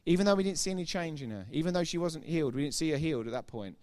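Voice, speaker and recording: A man giving a sermon testimony as a preacher, retelling conversations line by line and growing loud and emphatic when he preaches. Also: a little high, animated, very fast. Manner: retells dialogue with repeated "I said, he said".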